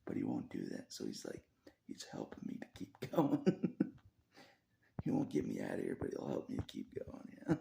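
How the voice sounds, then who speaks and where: A man with a deep, heavily gravelly voice talks in a tired, half-whispered ramble. His pitch swings widely from low mutters to sudden high lifts. He keeps repeating phrases and slipping in soft, weary chuckles. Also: huge pitch swings, normal speed, a little hiss or hum. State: exhausted. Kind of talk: rambling spoken confession.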